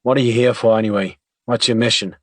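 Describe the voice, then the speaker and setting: A man doing a huge gentle battered man, amiable. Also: lowish voice, fairly even intonation, fast, no room sound, close to an everyday voice. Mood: amiable, teasing. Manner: friendly, playful questioning.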